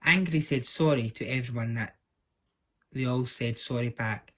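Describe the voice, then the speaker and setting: A man reading a children's story aloud as the storyteller, lively and doing the voices. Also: medium pitch, moderate pace.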